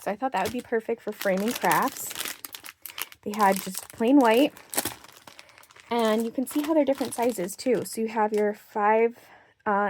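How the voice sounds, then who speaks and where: A young woman hosting a craft haul video, chatty and excited about bargains, slightly out of breath, reading out prices as she shows items. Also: mid-range voice, a little hiss or hum. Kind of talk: casual show-and-tell haul.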